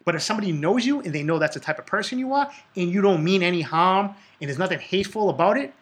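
A man's voice: a little high, a bit bright. A man in his thirties with a Boston accent, hosting a podcast in a blunt, emphatic monologue full of swearing. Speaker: podcast host.

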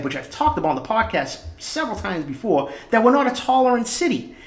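A man's voice: sits high, big pitch swings, brisk, roomy sound. A man with a Boston accent hosting a solo podcast, ranting in a heated, profane, emphatic way. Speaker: podcast host.

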